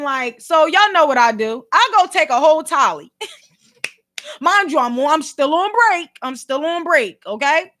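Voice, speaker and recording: A woman's voice: extremely high pitch, expressive, moderate pace, pushed and bright. A young woman with a Philadelphia accent, hosting a podcast livestream and telling a story in a chatty way, talking straight to her viewers. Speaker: podcast host. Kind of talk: casual livestream chat.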